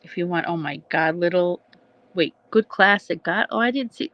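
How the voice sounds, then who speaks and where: A woman's voice: fairly low pitch, moderate pace, dry recording, muffled recording. A woman hosting a casual livestream, rambling between thoughts, laughing often and swearing freely. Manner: laughs often, swears, trails off mid-sentence. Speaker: livestream host.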